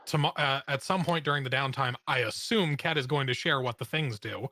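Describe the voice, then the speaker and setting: A young man running a tabletop game as game master, talking casually with halting pauses and fillers. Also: mid-range voice, dry recording, clean studio sound. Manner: relaxed, halting, with frequent fillers.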